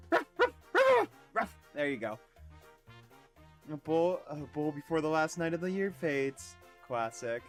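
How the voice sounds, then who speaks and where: A man's voice: a little high, faint music behind. A man streaming a video game, chatting casually and profanely with his viewers and joking at his own expense. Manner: profane, self-mocking, quick asides to chat. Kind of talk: casual game livestream chat.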